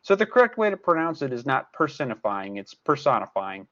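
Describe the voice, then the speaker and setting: A man's voice: a little high, sing-song, quick pace, a bit bright, lo-fi sound. A man tutor explaining a lesson step by step, repeating key points with emphasis. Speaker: math tutor. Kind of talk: recorded class lesson.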